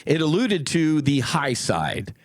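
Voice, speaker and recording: A middle-aged man hosts his own podcast from a studio, holding forth in a blunt, combative way and swearing freely. His pitch leaps up and drops low as he mocks and argues. The sound is dry and close. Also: huge pitch swings, slow pace, dry recording. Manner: blunt, combative, profane, folksy asides to listeners. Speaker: podcast host, former Navy fighter pilot. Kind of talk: solo podcast commentary.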